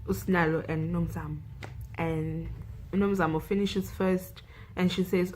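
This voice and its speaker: A woman's voice: on the low side, level tone, normal speed, darkish tone, a little hiss or hum, rough recording. A young South African woman vlogger recapping a film in a chatty way, saying "like" and "you know" a lot.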